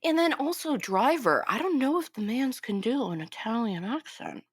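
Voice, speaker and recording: A woman's voice: on the high side, lively intonation, slightly rough, dry recording. Chatty woman podcast co-host, dry sound. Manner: chatty, quick asides with laughs. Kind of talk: casual film chat.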